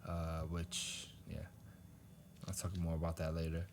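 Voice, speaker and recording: A man's voice: low-pitched, monotone, a little slow, noisy background. A man co-hosting a podcast, casually recapping a comic, rambling and laughing often as he acts out lines. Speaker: podcast co-host.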